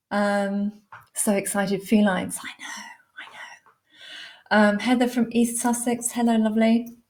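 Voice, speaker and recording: An English woman talking into a laptop mic during a live stream, greeting viewers one by one with lots of darlings and ums. She speaks slowly and gushes over every hello. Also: fairly high pitch. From England. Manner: warm, effusive, calls viewers darling and lovely; many fillers, unhurried. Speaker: livestream host, animal communicator.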